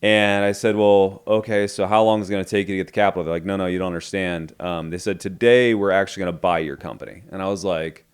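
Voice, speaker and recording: A man's voice: deep voice, steady tone, fast talker, hardly any pauses, clean tone. A middle-aged man, a podcast guest, candidly retelling a business story and acting out the dialogue. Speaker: entrepreneur guest.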